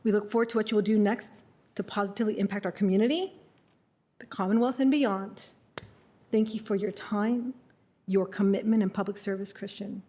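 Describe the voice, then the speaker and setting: A woman, a county board member, reads a prepared tribute at a public meeting in a formal, measured way. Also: medium pitch, steady tone, warm tone.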